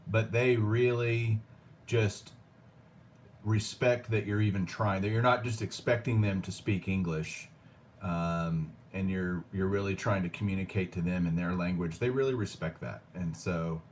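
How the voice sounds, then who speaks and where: Relaxed host with a low voice. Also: male voice, unhurried, a little hiss or hum. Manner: relaxed, jokey, self-deprecating. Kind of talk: casual chat.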